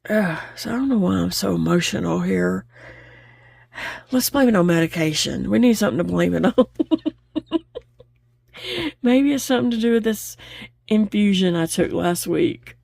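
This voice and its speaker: Gravelly woman chatting. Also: lowish voice, expressive, moderate pace, a little mellow, no echo. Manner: chatty and open, laughs easily. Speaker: crochet vlogger. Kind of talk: casual chat while crocheting.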